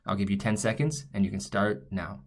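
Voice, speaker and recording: A language teacher explains a lesson step by step while writing on screen, thinking aloud and frequently stopping to correct himself. His voice is lowish and a little mellow, moving a little fast.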